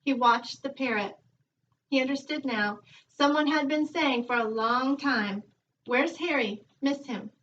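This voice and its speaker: A woman teacher reads a children's book aloud in a calm, measured way, her voice bright and fairly high. She sits some distance from the microphone, and the recording is dull with a faint hiss.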